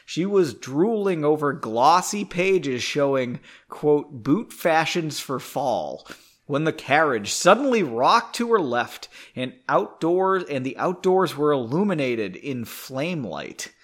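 A man's voice: a little high, expressive, slow, a bit bright. Chatty man reading a story aloud. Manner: chatty, self-mocking, stumbles and rereads. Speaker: amateur story reader. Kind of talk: casual read-aloud with asides. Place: home.

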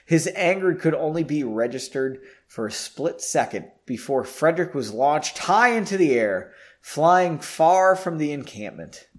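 A man's voice: fairly high pitch, big pitch swings, a little slow, few pauses. A man casually reading a story aloud, breaking off for chatty, jokey asides and correcting his own slips. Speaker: reader.

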